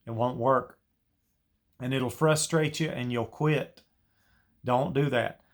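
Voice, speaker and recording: A man's voice: medium pitch, fairly even intonation, slow pace. A man giving an earnest spoken devotional teaching, coaching listeners through a breathing prayer practice with many repeated phrases. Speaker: Christian teacher.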